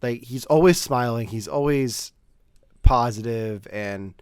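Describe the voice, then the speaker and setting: A man co-hosting a podcast in relaxed casual chat, with frequent fillers. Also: medium pitch, slow pace, smooth, no echo, studio quality. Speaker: podcast co-host.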